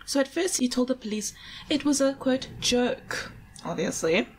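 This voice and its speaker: Woman co-host from South Africa, casual giggly storyteller, mid-pitched voice, faint hiss behind her. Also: lively intonation, a little fast, a little mellow, poor audio. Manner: chatty, giggly, often breaks into laughter. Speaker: podcast co-host.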